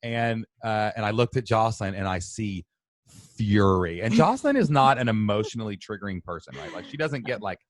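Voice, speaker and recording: A chatty man in his thirties spins a long story as co-host, his voice jumping up and down as he gets excited. The sound is close and dry. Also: lowish voice, a little fast, dry recording. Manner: animated, talkative storyteller. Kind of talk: casual storytelling chat.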